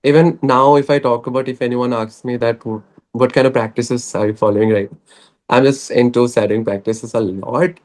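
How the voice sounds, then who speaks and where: A man's voice: mid-range voice, steady tone, moderate pace, darkish tone. A young man with an Indian English accent, a guest talking earnestly and a little hesitantly about learning English. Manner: earnest, hesitant, laughs often. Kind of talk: casual chat.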